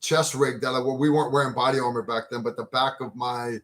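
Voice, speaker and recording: A man's voice: medium pitch, fairly even intonation, fast talker, fairly bright tone. A man hosting a casual livestream, rambling and joking about himself. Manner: joking, rambling, self-deprecating. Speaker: livestream host.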